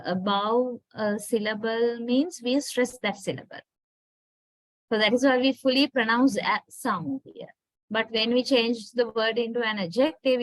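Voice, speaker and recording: Slow, patient Sri Lankan woman lecturer. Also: a little high, no room sound, rough recording. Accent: Sri Lankan English. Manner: slow, patient, checks in with "right?". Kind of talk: university lecture on pronunciation.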